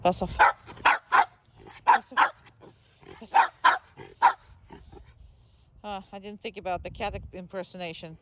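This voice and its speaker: Dog trainer calling brisk commands. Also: medium pitch, fairly even intonation, very noisy. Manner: brisk short commands mixed with coaching explanations; praising in a sing-song voice. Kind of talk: live dog training instruction.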